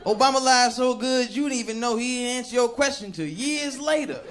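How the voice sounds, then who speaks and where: A man performing a stand-up comedy set, telling stories with animated delivery, loud bursts and acted-out voices. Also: very high-pitched, a little fast, very noisy. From Chicago. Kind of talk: stand-up set before a live audience. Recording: live club set with audience laughter.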